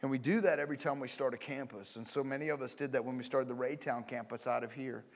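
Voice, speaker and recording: A man preaching as a pastor, animated and conversational, telling stories and checking in with frequent asides. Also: mid-range voice, fast. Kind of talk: sermon. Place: church auditorium. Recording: long hall reverb.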